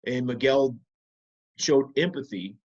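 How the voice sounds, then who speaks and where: A man teaching a video lesson to children, patiently walking them through calming techniques with guiding questions. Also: medium pitch, takes it slowly, lo-fi sound.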